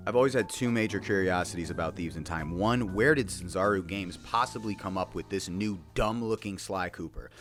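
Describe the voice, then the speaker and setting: A man giving a casual, profane commentary rant, animated and mocking. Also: lowish voice. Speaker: video commentator.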